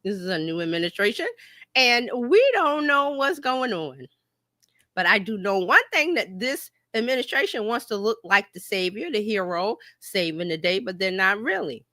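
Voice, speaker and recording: A woman hosting a casual livestream, her voice bright and lively, bouncing up and down as she jumps into playful quoted voices. The sound is close and dry, with no room around it. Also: medium pitch, normal speed, no echo. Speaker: livestream host and marketing coach. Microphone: home streaming mic.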